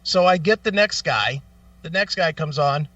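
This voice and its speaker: A man's voice: fairly high pitch, expressive, moderate pace, sharp tone, dry recording, distant mic, dull audio. A man hosting a radio show, telling a profane, exasperated story in a casual rant. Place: radio studio.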